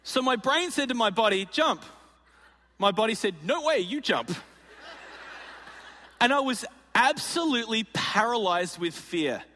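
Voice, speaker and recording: Aussie pastor guy, high bright voice, goofy storyteller doing little voices, big echoey hall. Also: sing-song, unhurried, pauses often. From Australia. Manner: playful storyteller acting out voices. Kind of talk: sermon with comic storytelling. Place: large auditorium.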